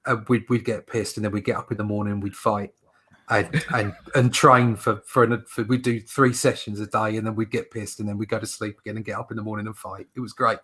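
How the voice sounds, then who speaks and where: A man's voice: fairly low pitch, flat delivery, brisk, a bit bright, breathy edge. A British man hosting a casual chat, rambling with many fillers and restarts. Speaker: host.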